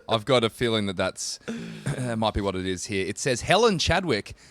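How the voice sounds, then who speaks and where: A man's voice: on the low side, normal speed, vocal fry, fairly bright tone, dry recording. A young man co-hosting a podcast, teasing and giggling as he chats and reads snippets aloud. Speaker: podcast co-host. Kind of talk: casual comedic chat.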